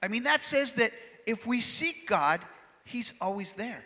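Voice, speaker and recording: A man plays a courtly shopkeeper from another age who speaks in quaint formal phrases. His voice sits high and bright and swings widely. The sound rings out in a large reverberant hall. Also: animated, unhurried, heavily acted. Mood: reassuring. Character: courtly old-world male shopkeeper, puzzled by modern things. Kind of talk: live church camp skit.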